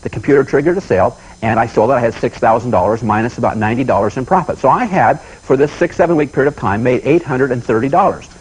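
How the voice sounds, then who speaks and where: Fast-talking folksy man with a husky voice. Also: mid-range voice, rough recording. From United States. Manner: folksy storyteller, animated, repeats himself. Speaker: seminar speaker. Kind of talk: motivational talk.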